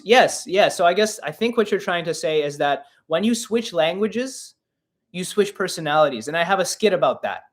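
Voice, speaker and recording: A young comedian hosts a live-stream Q&A, reading out fan questions and answering them bluntly, with plenty of swearing. He sounds mock-offended, and his voice sits a little high for a man. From Russian-Ukrainian family. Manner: blunt, profane, mock-indignant. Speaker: podcast host and comedian.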